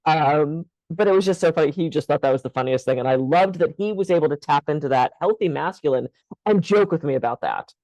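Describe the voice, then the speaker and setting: A woman's voice: low voice, a little fast, dark tone, dry recording, poor audio. Older woman, co-host, candid storyteller, dry close sound. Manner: candid, storytelling, laughs often. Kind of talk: casual conversation.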